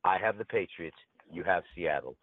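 A man's voice: sits low, animated, normal speed, slightly rough, no room sound. A man talking sports betting in a brash, joking, trash-talking way. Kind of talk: casual betting talk. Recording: tinny phone-line sound.

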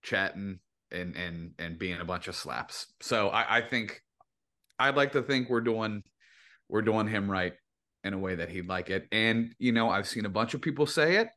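A man on a podcast speaking softly and from the heart in casual chat. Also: fairly low pitch, moderate pace. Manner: soft-spoken and heartfelt.

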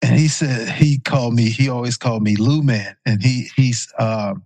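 A man's voice: medium pitch, normal speed, no room sound. A man in his forties, a former pro football player, casually telling a story as a podcast guest with plenty of fillers and self-corrections. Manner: relaxed anecdotal retelling with fillers and self-corrections.

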